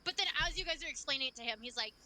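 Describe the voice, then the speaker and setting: A woman's voice: high-pitched, expressive, rapid-fire, pushed and bright. A woman narrating a tabletop game as game master, loose and chatty, full of "like".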